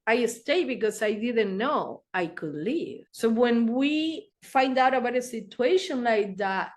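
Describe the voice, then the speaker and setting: Middle-aged woman, interview guest sharing her story lively, slightly high-pitched. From Argentina. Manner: animated, acts out quoted voices. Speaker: therapist guest.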